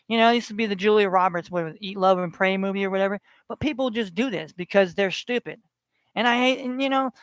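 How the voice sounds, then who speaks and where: A man's voice: very high-pitched, a bit bright, no room sound. A man delivering a heated, profane rant to his online audience, repeating himself as he builds his tirade. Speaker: online ranter.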